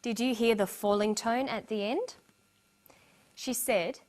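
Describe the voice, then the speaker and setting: A woman narrating a scripted English lesson with slow, clear explanations. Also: fairly high pitch, steady tone, darkish tone. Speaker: English teacher.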